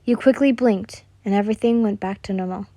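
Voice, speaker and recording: A woman reading a second-person fan story aloud in a soft way, now and then correcting herself. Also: medium pitch, dry recording. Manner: slow, soft, with occasional self-corrections. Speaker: fan fiction reader.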